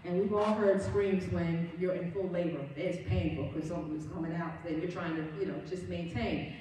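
A woman's voice: fairly low pitch, fairly even intonation, moderate pace, warm tone, far from the mic, slight background noise. A woman minister preaching a sermon in a church, telling a story with earnest emphasis. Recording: very echoey room, voice from afar.

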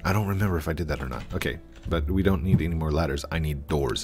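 A man's voice: rumbling low, fast talker, darkish tone, faint music behind. A man chatting casually and rambling while he plays a game, easily distracted. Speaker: gaming YouTuber. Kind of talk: casual gameplay commentary.

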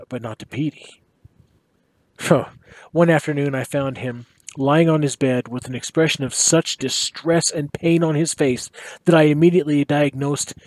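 A man, a teacher, reading a short story aloud in his basement, in a relaxed and lively way with dry humor. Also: fairly high pitch, dry recording. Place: home basement.

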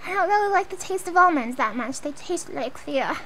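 High-pitched goofy young woman streamer. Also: animated, fairly quick, fairly bright tone, slight background noise, rough recording. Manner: goofy, rambling, giggly. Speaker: vtuber streamer. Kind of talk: playful game-streaming chat.

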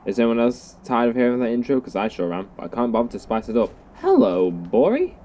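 Goofy guy rambling over his game, mellow dark voice. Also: mid-range voice, big pitch swings, brisk, slight background noise. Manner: goofy, self-mocking, rambling. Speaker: gaming youtuber. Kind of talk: casual let's play commentary.

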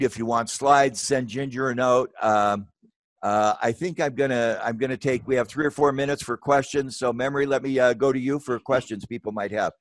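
An older man speaks as a guest presenter on a webinar, earnest and emphatic. His voice leaps upward whenever he drives a point home. The sound is close and dry, with no room around it. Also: no echo. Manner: emphatic, earnest, with sudden rises in pitch when stressing points. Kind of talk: presentation and discussion.

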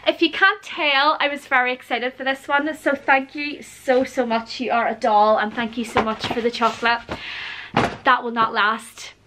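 A woman, gushing excitedly through a casual gift unboxing vlog as a book vlogger. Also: on the high side, a little hiss or hum. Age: 40s. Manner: gushing and excitable, frequent gasps and squeals.

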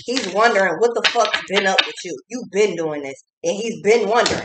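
A fairly high-pitched woman doing a casual tarot reading, blunt and profane, hammering points home by repeating herself. The room gives her voice a clear echo. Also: animated, normal speed, background noise. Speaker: tarot reader. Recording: echoey room.

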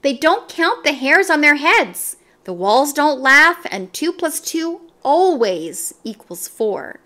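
A woman voicing a friendly young male yard teacher who tells a story to a class with patient, lively storytelling. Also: high-pitched, slow pace, voice pushed up, heavily acted.

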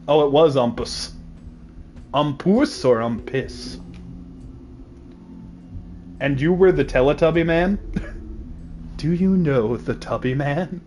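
A man's voice: on the high side, big pitch swings, slow, long pauses, a little mellow, slight background noise. A man streaming a game live, chatting casually with viewers in a joking, chatty way. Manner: joking, chatty, reading out chat.

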